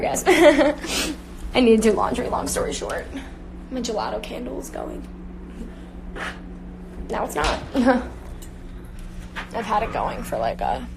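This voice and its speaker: Over a phone live stream, a young woman who's a beauty influencer chats casually with viewers in a talkative, giggly way, full of fillers. Her voice is a little high. There's background noise, and the room is echoey with faint ambience.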